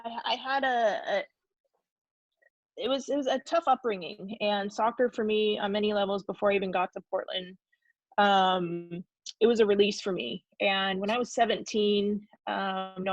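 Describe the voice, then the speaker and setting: A woman's voice: mid-range voice, dry recording. A woman in her forties from California, a former pro soccer player answering questions and telling stories in a reflective way, with frequent ums. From California, USA. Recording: dull lo-fi dry sound.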